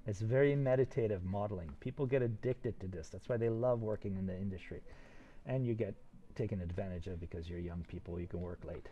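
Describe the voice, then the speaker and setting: An older man teaching a 3D modeling tutorial live, talking fast and excitedly while he demonstrates and encourages his students. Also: on the low side, muffled recording, a little hiss or hum. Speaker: 3D modeling instructor.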